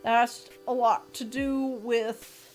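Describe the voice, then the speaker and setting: A woman streaming a horror visual novel, reading its journal entries aloud in a subdued voice and chatting warmly with her viewers. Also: on the high side, little pitch movement, takes it slowly, soft background music.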